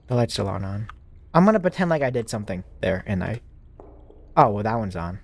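A man's voice: fairly low pitch, sing-song, fairly quick, gravelly. A man casually commenting to himself while playing a horror game, rambling with many fillers and restarts. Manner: rambling, self-talking, lots of fillers and restarts. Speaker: streamer playing a horror demo disc. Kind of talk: casual let's-play commentary.

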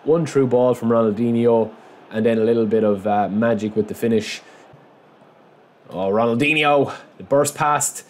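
This man's mid-range voice moves at normal speed as he casually narrates his own football game match for viewers. He gets excited, yelping and shouting at goals, and tosses in chatty asides.

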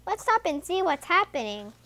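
Woman doing a kindly old farmer, gentle, bright tone. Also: very high-pitched, big pitch swings, moderate pace, pitched above the performer's own voice, exaggerated voice. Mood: mild.

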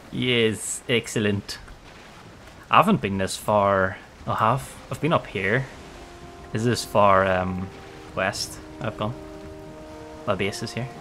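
A man's voice: lowish voice, takes it slowly, long pauses, sharp tone, a little hiss or hum. A man streaming a game, giving casual gameplay commentary, playful, swearing often and laughing a lot.

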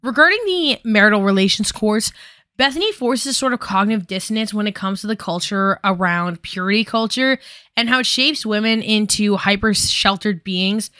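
Bright, clear young woman commentator. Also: mid-range voice, moderate pace, no room sound. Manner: casual, irreverent and sarcastic, with swearing. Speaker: YouTube commentator. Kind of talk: video essay commentary.

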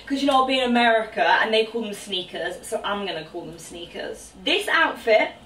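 Woman, bubbly try-on haul chat, higher voice, roomy room echo. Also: animated, a little fast, a bit bright. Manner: bubbly, chatty, exclaiming. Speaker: fashion vlogger. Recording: roomy, distant from the mic.

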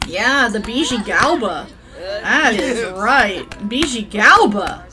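A young woman giving casual, profane commentary while playing a life-sim game, yelling at the characters and rambling. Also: a little high, lively intonation, takes it slowly. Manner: rambling, self-interrupting.

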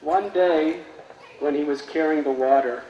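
A man with a slightly raised voice tells a sacred story as a sermon. His delivery is reverent and expressive. The room is roomy and echoing, with faint noise behind. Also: a little high, measured pace, dull audio. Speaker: spiritual teacher.

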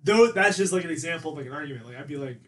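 Rapid-fire and expressive, with a fairly bright tone, a young guest on a casual podcast wanders through stories about his family. He leans heavily on "like" and mimics his mother in a higher pitch, and the distant mic catches faint background noise.

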